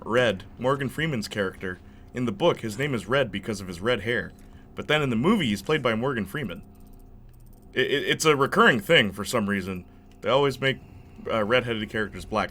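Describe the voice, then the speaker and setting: A man's voice: medium pitch, animated, a little fast, pushed and bright. A young man hosting a gaming channel, rambling and telling stories in casual chat while he plays. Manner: rambling, chatty storyteller. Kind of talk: casual gameplay commentary.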